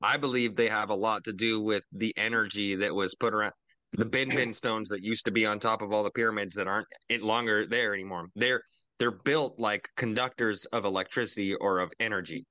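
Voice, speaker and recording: A young man co-hosting a podcast over a video call, ranting and swearing in casual chat, jumping into loud mocking quotes. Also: lowish voice, fairly even intonation, a little fast, dry recording. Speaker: podcast co-host.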